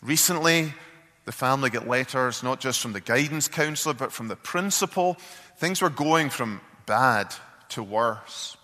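A man preaching, telling a story in an earnest, halting way with repeated words. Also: mid-range voice, lively intonation, bright, forceful tone, big-room sound. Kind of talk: sermon storytelling.

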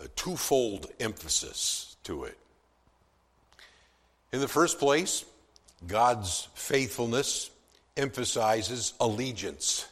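A man preaching a sermon as pastor, swelling from soft to loud for emphasis, with some stammered restarts. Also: fairly low pitch, husky, big-room sound.

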